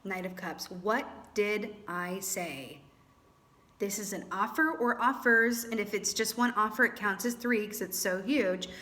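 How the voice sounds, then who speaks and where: A young woman reading tarot cards for her viewers in a chatty, animated way, thinking aloud with lots of fillers. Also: medium pitch, a little slow, a little hiss or hum. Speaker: tarot reader. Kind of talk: casual tarot reading to camera.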